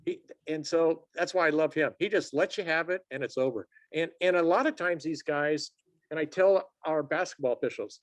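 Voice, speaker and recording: A fairly high-pitched man in his sixties, speaking at a normal pace, shares stories as a casual interview guest; he works assigning sports officials. The recording is dry, and his lively storytelling includes quotes acted out in a raised voice.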